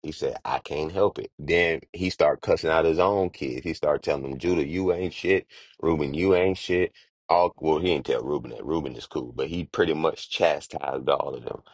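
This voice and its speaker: Very deep-voiced man, slangy retelling. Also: breathy edge, dry recording. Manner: slangy, quick, acts out characters in everyday street talk. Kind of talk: casual comedic retelling of a Bible story.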